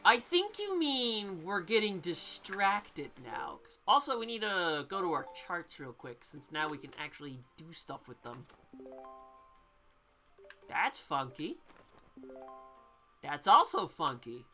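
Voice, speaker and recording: A woman chatting playfully through a video game, explaining each step as she goes. Her voice is bright and animated, and faint game music plays underneath. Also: on the low side, unhurried. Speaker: let's play host.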